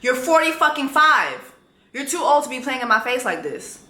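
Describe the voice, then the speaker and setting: A woman's voice: sits high, very animated, normal speed, pushed and bright, reverberant. A woman, telling a dating story in a vlog in a blunt, sassy way and reading texts aloud.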